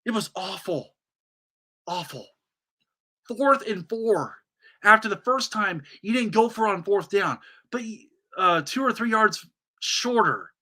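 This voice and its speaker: A man's voice: high-pitched, lively intonation, measured pace, sharp tone. A man hosting a solo sports podcast, ranting animatedly with many restarts and asides.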